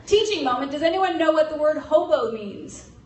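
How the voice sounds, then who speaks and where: High-voiced woman telling a comic story. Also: expressive, moderate pace. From grew up in an Irish Catholic family. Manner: comic, chatty, laughs between lines. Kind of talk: live storytelling to an audience. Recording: roomy hall sound from a distance.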